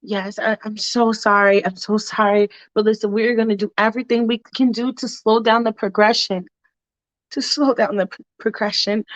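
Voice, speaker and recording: A woman doing a soft, halting male doctor. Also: mid-range voice, level tone, no room sound, natural voice, rough recording. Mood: grave. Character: hesitant male doctor, soft-spoken and grave.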